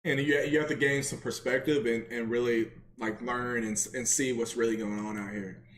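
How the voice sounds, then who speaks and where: A man co-hosting a casual podcast, talking emphatically and repeating phrases for effect. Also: normal speed. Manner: emphatic, repeats phrases, animated pitch jumps. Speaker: podcast co-host. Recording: roomy echo.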